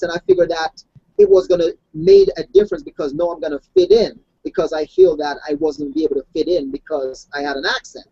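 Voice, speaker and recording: Animated man with a gravelly voice. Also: high-pitched, dry recording, lo-fi sound. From outside the United States. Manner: animated storytelling with restarts. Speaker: health coach. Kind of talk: casual hangout discussion.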